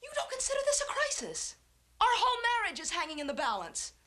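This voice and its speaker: An actress playing a passionate young wife in a 1960s film comedy, emphatic and indignant. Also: female voice, very high voice, huge pitch swings, quick pace, sharp tone, slight background noise, full character voice. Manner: indignant, emphatic, near tears. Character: impulsive, passionate young newlywed wife, woman.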